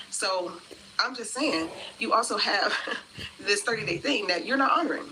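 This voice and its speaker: A woman's voice: mid-range voice, expressive, moderate pace, background noise. A woman telling the story of a refund dispute in an indignant way, acting out both sides of the phone call. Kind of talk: storytelling vlog.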